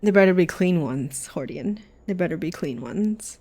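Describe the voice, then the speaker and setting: A woman's voice: lowish voice, expressive, normal speed, a little mellow. A woman game streamer reading a game aloud and chatting casually with viewers, often correcting herself. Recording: clear background music.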